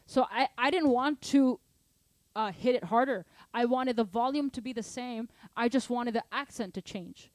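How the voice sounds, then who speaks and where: A woman's voice: fairly high pitch, moderate pace, no room sound. A woman teaching drums in a casual online lesson, chatty and playful, singing patterns aloud. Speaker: drum teacher answering student questions. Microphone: studio microphone at drum kit.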